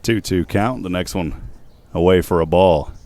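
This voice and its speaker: A man giving steady, measured baseball play-by-play commentary as the announcer. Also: dry recording. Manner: steady, measured calls of each pitch.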